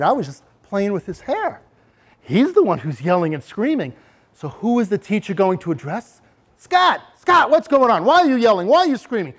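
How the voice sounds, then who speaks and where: Guy giving a bullying talk, high voice that jumps all over, acts out the bully. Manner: animated, speaking in first person as a bully. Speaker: presenter on bullying prevention. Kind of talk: lecture with role-play.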